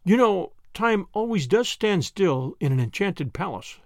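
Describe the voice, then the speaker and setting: A man's voice: sits high, very animated, unhurried, gravelly, darkish tone, no room sound, clean studio sound, full character voice. A man reading an audiobook, voicing a dreamy, romantic young woman who speaks in earnest, storybook phrases.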